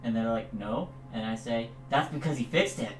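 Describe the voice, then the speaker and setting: A tabletop game player who talks in an animated, playful way. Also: medium pitch, normal speed, soft background music. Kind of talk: casual table talk. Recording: echoey and distant from the mic.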